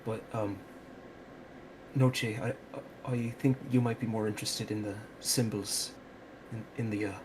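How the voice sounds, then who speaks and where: Hesitant low-voiced man with noisy audio. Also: fairly even intonation, unhurried. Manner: hesitant, polite, full of fillers. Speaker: player. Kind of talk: in-character tabletop role-play.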